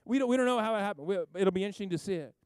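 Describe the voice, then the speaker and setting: A man delivers a sermon in a smooth, resonant voice that sits a little high for a man. He rambles through the story, jumping into the people's voices and back out again. The sound is close and dry. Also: rapid-fire, no echo. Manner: animated storytelling, acts out characters, rambling asides. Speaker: pastor.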